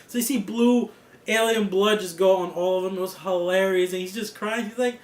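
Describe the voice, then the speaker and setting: A man giving a casual, excitable review of a TV series, laughing often and swearing freely. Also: sits high, a little fast, echoey room. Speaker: TV show reviewer.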